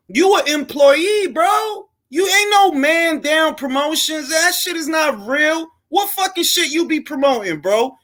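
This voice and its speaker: A man's voice: very high-pitched, fairly bright tone. A man hosting a boxing talk stream, giving heated, profane, emphatic commentary with lots of repetition. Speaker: boxing content creator and host.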